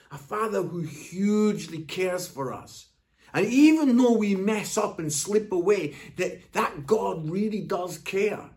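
Lively Scottish man preaching. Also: fairly high pitch. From Scotland. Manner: storytelling, animated, drops to soft earnest tone. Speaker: pastor. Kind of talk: Father's Day sermon to camera.

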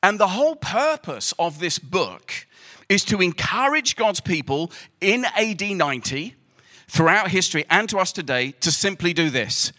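Bright, emphatic male preacher. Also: sits high, moderate pace. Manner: lively, emphatic, asks the audience to repeat words. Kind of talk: sermon. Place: hall with a live audience.

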